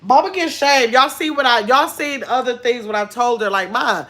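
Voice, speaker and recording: Chatty grandmotherly woman, slightly high voice. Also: normal speed, fairly bright tone. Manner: chatty storyteller, reads viewer comments aloud, laughs often. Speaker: channel host. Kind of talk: casual livestream chat.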